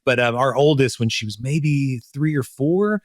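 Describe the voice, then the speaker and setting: A man's voice: medium pitch, normal speed, no echo, studio quality. A middle-aged man co-hosting a parenting podcast in casual chat, telling stories and acting out quotes. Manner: storytelling, acts out quotes with lively voices. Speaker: podcast co-host and parenting coach.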